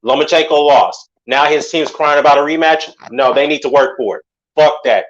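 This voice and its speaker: A man's voice: a little high, moderate pace, muffled recording, a little hiss or hum. A man appearing as a guest on a boxing podcast, who talks in a blunt, dismissive way and swears. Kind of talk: boxing opinion talk.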